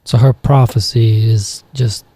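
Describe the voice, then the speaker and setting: A man's voice: mid-range voice, fairly even intonation, measured pace, mellow, husky. A man hosting a casual interview, asking questions with dry jokes. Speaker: podcast host.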